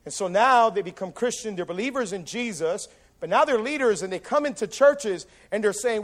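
A male pastor preaching a casual, animated sermon and acting out quoted voices. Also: high voice, normal speed.

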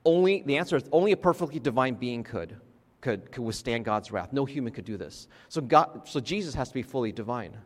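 A man's voice: mid-range voice, lively intonation, fairly quick. A man preaching a sermon in a conversational way, checking in with his congregation and restarting his sentences as he goes. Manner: conversational, frequent restarts and "right?" asides to the congregation. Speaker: pastor. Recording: long reverb of a large hall.

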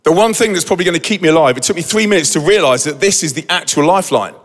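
High-voiced man, hall reverb. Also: rapid-fire. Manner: animated, acts out the scene with quoted voices. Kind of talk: dramatic storytelling to a live audience.

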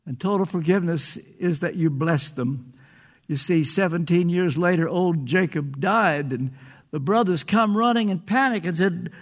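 A man's voice: high-pitched, moderate pace. An older man preaching a sermon, earnest and pleading, stretching out phrases for emphasis.

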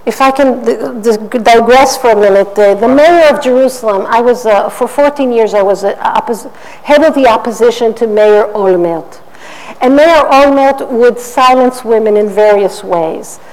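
A middle-aged woman giving an animated public talk, with playful mimicry of others. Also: on the high side, moderate pace. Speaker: speaker. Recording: roomy hall, faint ambience.

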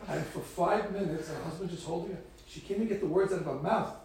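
A rabbi tells stories to a group of girls, acting out each person he quotes. His voice is a little high and gravelly. The sound comes from a distant mic in a very echoey room with faint background noise. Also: fast. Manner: animated storyteller acting out the people he quotes. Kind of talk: storytelling talk to a group of girls.

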